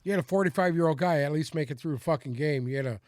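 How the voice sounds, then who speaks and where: Podcast guy, kinda higher voice, short yeahs and calm pushback, dry sound. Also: very fast, no echo. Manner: brief agreeing replies, calm pushback. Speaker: sports podcast co-host. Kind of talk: casual sports chat.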